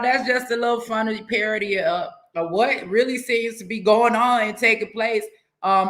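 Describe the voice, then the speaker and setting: Lively woman host talking live to her viewers, bright forceful voice, lots of exclamations. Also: fairly low pitch. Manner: animated, exclamatory, laughing asides. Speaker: show host. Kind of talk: casual livestream talk.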